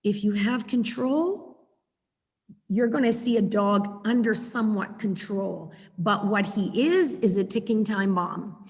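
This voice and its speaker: A woman dog trainer teaching a webinar over a video call, chatty and lively, repeating words for emphasis. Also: medium pitch, unhurried. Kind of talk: webinar lesson. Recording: echoey video call audio.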